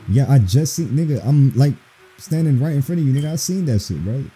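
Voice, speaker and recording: A man commenting on a horror game as he plays, crude and profane in his jokes and reactions. His voice is very dark and husky, swinging up and down in lively pitch, with faint game music underneath. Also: fast talker. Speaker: gaming video host. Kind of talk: let's play commentary.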